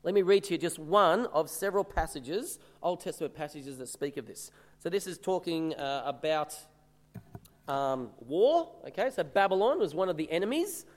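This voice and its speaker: A man with a fairly high voice preaches a sermon. His delivery is earnest and emphatic, and he reads passages aloud between points. The sound carries a long hall reverb. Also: animated, normal speed.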